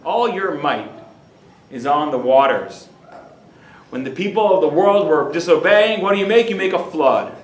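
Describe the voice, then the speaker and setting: A man acting out an arrogant Roman general who loudly mocks and taunts, in a roomy hall. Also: on the high side, animated, moderate pace, lightly acted. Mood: mocking taunt. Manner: mocking, shouting taunts.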